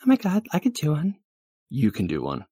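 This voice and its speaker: A man's voice: fairly high pitch, wildly swooping pitch, a little fast, mellow, breathy edge, dry recording, voice pushed up, full character voice. A man voicing a gushing, easily shocked young valley girl in improvised comedy, with squealing exclamations. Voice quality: squealing, breathless gasps.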